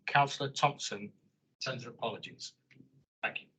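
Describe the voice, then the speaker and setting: Board member, man, husky, bright voice, keen. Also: mid-range voice, normal speed, poor audio. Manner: enthusiastic, informal. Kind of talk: meeting remarks.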